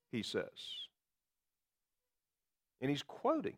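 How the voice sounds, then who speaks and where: A man delivers a sermon, walking his listeners through scripture passage by passage. His voice sits a little higher than most men's, and he leans hard on quoted verses for emphasis. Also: animated, measured pace. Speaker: pastor.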